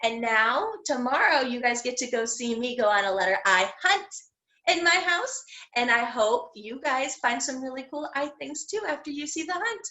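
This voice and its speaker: A woman teaching a phonics lesson to young children, sounding out each letter slowly in a sing-song way. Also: sits high, lively intonation, pushed and bright. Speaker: kindergarten teacher. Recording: echoey room.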